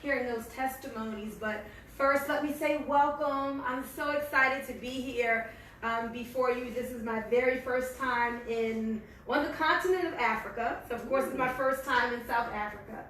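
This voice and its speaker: A middle-aged American woman speaks with a high, bright voice and earnest, quick delivery. She is heard from a distance in a large hall that wraps her words in a strong echo. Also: slight background noise. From United States. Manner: fast-talking, earnest and faith-filled. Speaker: network marketing leader and speaker. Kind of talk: motivational speech. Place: large echoey meeting hall. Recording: echoey hall from far off.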